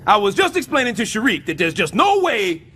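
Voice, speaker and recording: A blustering, sarcastic cartoon super. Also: male voice, high voice, big pitch swings, a little fast, bright, forceful tone, faint music behind, exaggerated voice. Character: scheming middle-aged male building superintendent. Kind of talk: animated sitcom voice acting.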